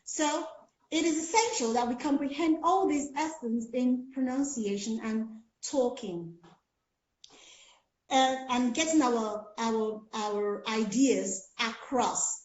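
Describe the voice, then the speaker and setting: A woman's voice: a little high, takes it slowly. A Nigerian woman coaching on speech and pronunciation in a casual talk, explaining with many fillers. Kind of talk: casual chat on a call. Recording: echoey lo-fi call audio.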